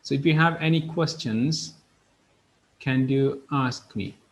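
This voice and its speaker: A man teaching an online English pronunciation lesson, speaking slowly and patiently and repeating each example word twice. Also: medium pitch, a little hiss or hum, low-quality recording.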